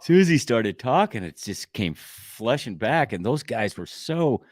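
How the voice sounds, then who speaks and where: A man's voice: medium pitch, big pitch swings, unhurried, dry recording, studio quality. A man co-hosting a podcast and former Marine, chatting eagerly and agreeably. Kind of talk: casual chat.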